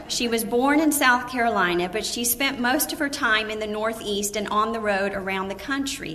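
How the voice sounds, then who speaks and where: Bright-voiced woman preacher. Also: mid-range voice, unhurried, slight background noise. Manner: animated storyteller, laughs often, acts out quotes. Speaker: women's ministry speaker. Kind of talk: storytelling sermon to a live audience.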